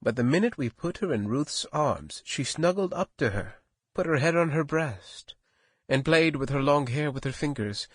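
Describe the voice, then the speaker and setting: A man reading a novel aloud in first person, with even, measured storytelling. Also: a little high, husky, dry recording. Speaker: audiobook narrator. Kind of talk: scripted first-person narration.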